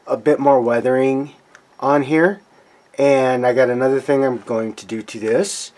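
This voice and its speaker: A man's voice: medium pitch, rough recording. A man talking casually to viewers while building scale models at his home workbench, rambling with restarts.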